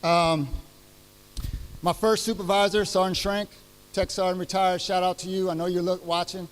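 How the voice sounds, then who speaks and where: A middle-aged man giving his retirement ceremony speech, heartfelt and halting, with many fillers and restarts. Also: high-pitched, flat delivery, poor audio. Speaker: retiring chief master sergeant giving a speech. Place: ceremony venue.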